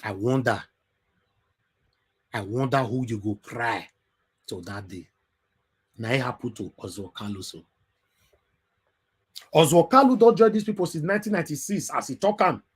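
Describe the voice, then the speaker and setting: A man with a Nigerian Pidgin English accent hosting an online call-in show, lecturing in a preachy way that rises to loud emphatic bursts. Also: medium pitch, expressive, moderate pace, pauses often, breathy edge. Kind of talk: impassioned live talk show.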